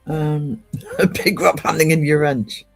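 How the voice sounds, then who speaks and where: A woman's voice: sits low, fairly even intonation, takes it slowly, gravelly, breathy edge, faint music behind. A woman from northeast England chatting on a casual livestream, reading out viewer comments and rambling with lots of ums and restarts. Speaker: live streamer.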